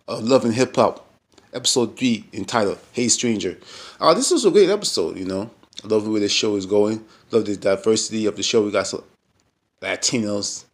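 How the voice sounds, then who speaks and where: A young man giving a casual, chatty recap of a reality show episode, full of fillers and acted-out quotes. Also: lowish voice.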